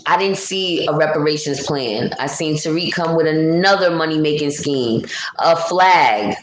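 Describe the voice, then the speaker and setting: A woman with a notably low voice talks through a casual live-stream commentary. She rants bluntly and reads out chat comments. The sound bounces around an echoey room with a faint hum behind her. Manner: blunt, opinionated ranting while reading chat comments. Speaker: livestream host.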